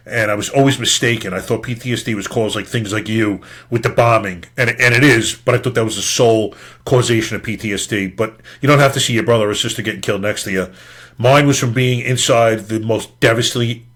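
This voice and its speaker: A man's voice: on the low side, a bit bright. A middle-aged man, a podcast host and retired police officer, tells his personal story in an interview. He talks candidly and earnestly, swears casually and often says "man".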